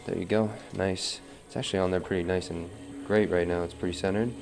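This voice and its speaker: A man demonstrates throwing pots and explains each move as he makes it. His voice is low and gravelly. He drops to a murmur to count his pulls, with faint music behind him. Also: fairly even intonation, fairly quick, a little mellow. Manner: talks through each step while working, counts pulls under his breath. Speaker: pottery instructor.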